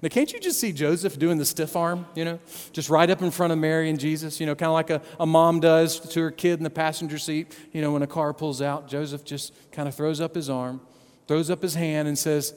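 Man, children's sermon, playful storyteller, fairly high voice, long reverb. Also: brisk. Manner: playful, animated storytelling with frequent "okay?" check-ins. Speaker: preacher telling a Bible story.

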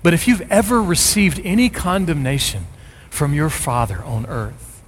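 A middle-aged male pastor preaches with a fairly high voice that climbs into forceful emphasis on key words. His sermon carries a long reverb tail from a large hall, with faint ambient noise underneath. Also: very animated, normal speed.

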